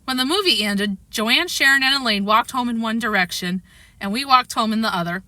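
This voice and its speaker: A woman reading a children's chapter book aloud, expressive and animated. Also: a little high, a little fast, no echo. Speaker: reader. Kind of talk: storybook reading.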